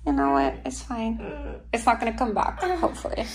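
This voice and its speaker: Soothing mom with a high voice. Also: female voice, very animated, brisk, poor audio. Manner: soothing, chatty, laughs often. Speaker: mother filming her daughter. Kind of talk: casual chat, comforting a child. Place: doctor's office.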